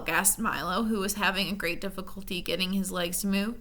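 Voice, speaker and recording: Woman, children's book read-aloud, expressive, bright clear tone. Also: medium pitch, brisk. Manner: expressive storytelling. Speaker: reader. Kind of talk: reading a children's novel aloud.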